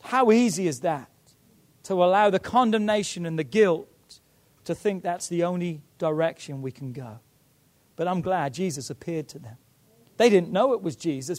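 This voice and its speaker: High-voiced man preaching with drama. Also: expressive, moderate pace. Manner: dramatic storytelling, swings from loud to hushed. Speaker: pastor. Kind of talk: sermon.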